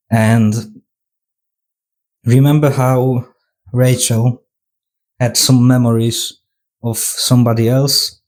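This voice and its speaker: A man's voice: mid-range voice, fairly even intonation, slow pace, pauses often, a little mellow. A man retelling a film's plot in a casual retrospective, sarcastic and mocking. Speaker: film reviewer.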